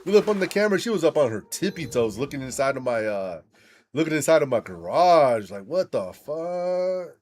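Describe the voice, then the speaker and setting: A man's voice: medium pitch, sing-song, fast, a little mellow. A young man casually telling a rambling, profane story while gaming, laughing often and restarting his sentences. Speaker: gamer streaming with friends.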